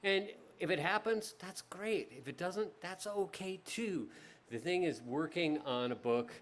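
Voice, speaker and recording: A man's voice: high voice, lively intonation, measured pace, fairly bright tone. A man hosting a literary festival, making loose, chatty announcements with frequent ums and restarts before introducing a reader. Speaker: festival host. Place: outdoor tent stage.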